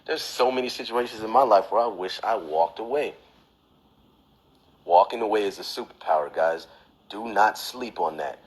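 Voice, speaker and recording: A man on a livestream giving blunt, profane advice, lecturing the viewer and mocking others in a whiny high voice. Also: normal speed, husky, poor audio. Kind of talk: instagram live rant. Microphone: phone.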